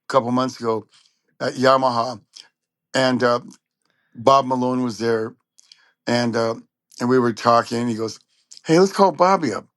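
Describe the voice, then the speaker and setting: A man from Long Beach, California, a trumpet player telling lively anecdotes in a casual interview. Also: mid-range voice, a little slow, pauses often, no echo. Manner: animated anecdotes, acts out quoted voices.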